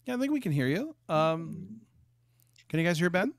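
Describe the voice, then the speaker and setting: A man's voice: fairly high pitch, very animated, normal speed, no room sound, clean studio sound. A man answering questions as the guest game developer in a webinar, chatty and correcting himself as he goes. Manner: chatty, restarts and self-corrects.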